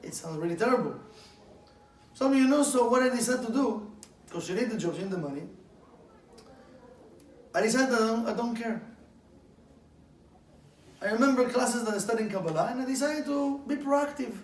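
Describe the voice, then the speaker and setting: A man's voice: extremely high pitch, lively intonation, normal speed, long pauses. A man teaching a Kabbalah class in eager, broken English, asking his listeners one question after another. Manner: eager, asks many questions; broken, non-standard English grammar. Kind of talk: class lecture. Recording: echoey room, mic far off.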